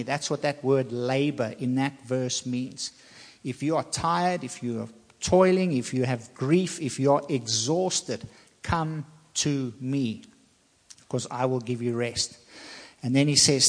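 Slow, emphatic male preacher in an echoey hall. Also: mid-range voice. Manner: slow, emphatic, repeats phrases for stress. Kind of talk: sermon.

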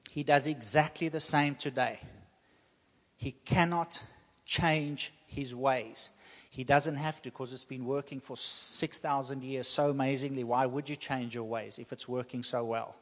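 Emphatic male preacher, echoing hall. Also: medium pitch. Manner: emphatic, repetitive preaching with slow dramatic pauses. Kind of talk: sermon. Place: church hall. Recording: long church hall reverb.

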